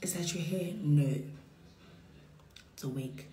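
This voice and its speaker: A woman's voice: low-pitched, slow pace, mellow. A young woman chatting on a phone livestream from her bedroom, tipsy, giggly and playful, often dropping into whispers. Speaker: social media personality. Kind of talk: casual livestream chat. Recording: echoey room.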